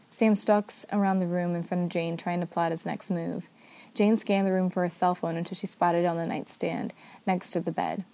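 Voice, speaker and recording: A woman narrating a story aloud in a steady, even manner. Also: lowish voice, moderate pace, vocal fry. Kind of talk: story reading.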